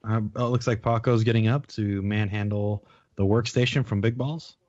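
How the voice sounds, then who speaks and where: A man's voice: on the low side, fairly even intonation, moderate pace, darkish tone, dry recording. Male co-host, crude teasing banter, dull dry lo-fi mic. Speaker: podcast co-host. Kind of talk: casual chat.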